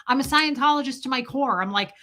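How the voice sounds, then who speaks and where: A woman's voice: high-pitched, quick pace, bright, forceful tone. A woman hosting a livestream, chatting casually and profanely as she tells jokey stories and reacts to chat. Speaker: livestream host reading chat.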